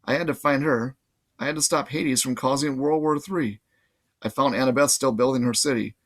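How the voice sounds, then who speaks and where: A man reading a novel aloud in casual, lively first-person narration. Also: mid-range voice, moderate pace. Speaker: audiobook reader.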